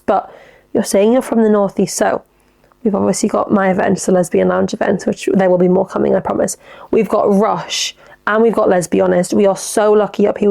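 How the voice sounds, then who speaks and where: Chatty, sweary woman with a gravelly edge. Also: mid-range voice, warm tone. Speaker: podcast host. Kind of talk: casual advice chat.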